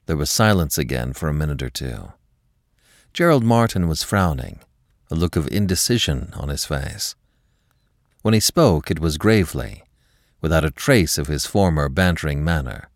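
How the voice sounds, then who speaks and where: Male narrator for an audiobook, very deep, lively delivery, dry close sound. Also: dry recording. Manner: expressive, measured reading. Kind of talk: scripted story narration.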